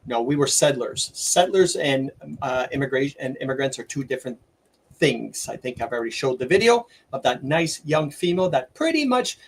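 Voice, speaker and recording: A middle-aged man, hosting a livestream and ranting excitedly, with lots of stumbles and restarts. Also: medium pitch, normal speed. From Canada. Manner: excitable, rambling rant with many restarts. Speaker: livestream host. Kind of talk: opinionated livestream commentary.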